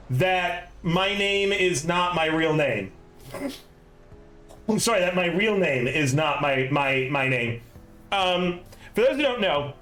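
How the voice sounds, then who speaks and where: A man's voice: sits high, fairly bright tone, rough recording. A man hosting a tabletop game stream, telling a long story in a loose, rambling way with many fillers, swears and laughs. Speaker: game master and stream host. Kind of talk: casual chat before a tabletop game.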